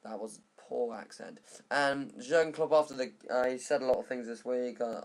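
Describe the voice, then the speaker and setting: A man's voice: medium pitch, normal speed, few pauses. A young man casually recapping the week's football news in a vlog. He rambles and jokes, often correcting himself mid-sentence. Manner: rambling, jokey, self-correcting.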